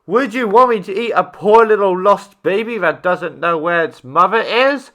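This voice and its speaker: A man voicing an old, hungry male tiger in a storybook reading, speaking in a lowered, growly voice. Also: normal speed, sharp tone. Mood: reproachful.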